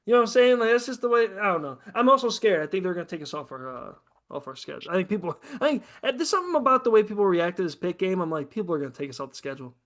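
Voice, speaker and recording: A man hosting a casual podcast chat, talking in a profane, excitable, ranting way. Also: high voice, very fast. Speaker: host.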